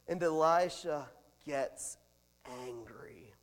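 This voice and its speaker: A man pastor preaching a sermon, animated, with big swings in loudness and chatty asides. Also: on the high side, fairly quick, in a large hall.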